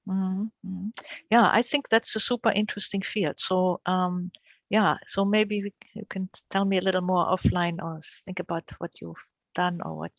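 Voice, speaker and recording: An older woman speaks in a low, gravelly voice during an academic Q&A. She is encouraging and pauses often with fillers. The sound is dry and close, with no room echo. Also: fairly even intonation. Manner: warm, encouraging, many fillers. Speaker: invited speaker answering questions.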